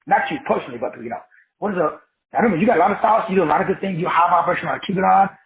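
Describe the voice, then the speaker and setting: A man's voice: high-pitched, racing, slight background noise. A man called Doc giving a motivational class, preachy and profane, riffing in rhymes as he teaches. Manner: preachy, profane, rhyming riffs. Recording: tinny phone-like sound in an echoey room.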